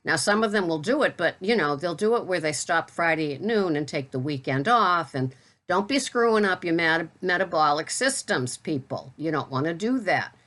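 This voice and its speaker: A middle-aged woman with a Boston accent talks casually to her viewers about groceries. Her voice sits low. She is chatty and blunt, with a teasing edge. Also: animated, normal speed, fairly bright tone. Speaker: keto vlogger. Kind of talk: casual product talk to camera.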